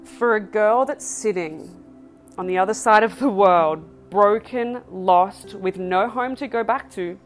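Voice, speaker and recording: A woman's voice: medium pitch, measured pace, soft background music. A woman hosting a podcast, telling her own faith testimony in a candid, emotional way. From Australia. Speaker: podcast host.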